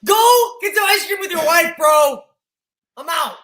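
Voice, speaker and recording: A man's voice: extremely high pitch, animated, measured pace, bright, forceful tone, echoey room, shouting. A man co-hosting a podcast, chiming in with short jokes and lots of giggling in crude banter. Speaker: podcast co-host.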